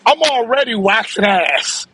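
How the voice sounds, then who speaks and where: Husky, high-voiced male co-host. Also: animated, unhurried, bright, forceful tone, low-quality recording. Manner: crude wisecracks. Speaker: podcast co-host. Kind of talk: casual banter.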